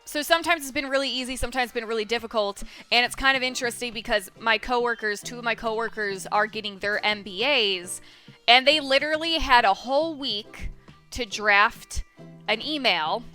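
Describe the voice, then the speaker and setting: A young woman rambles through a casual vlog with a bright, slightly high voice. She swears freely and pokes fun at herself. Soft music plays faintly behind her. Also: fairly quick. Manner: rambling, profane, self-deprecating. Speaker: vlogger.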